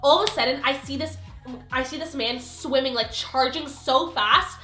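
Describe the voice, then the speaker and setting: A young woman telling a storytime on her vlog, animated and exclamatory, full of "like" and quick asides. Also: high voice, soft background music. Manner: animated, exclamatory, filler-heavy retelling. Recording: roomy echo.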